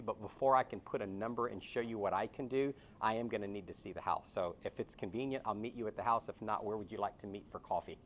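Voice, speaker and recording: A man leading a real estate sales training, role-playing his pitch to home sellers and telling stories with animation. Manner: animated storytelling.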